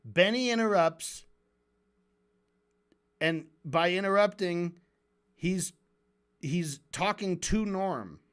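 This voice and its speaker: A livestream host breaks down a debate in a ranting, sarcastic voice, swearing freely. The delivery is heated and stumbles and restarts as the arguments build. The pitch sits in a middle range. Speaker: streamer analyzing a debate.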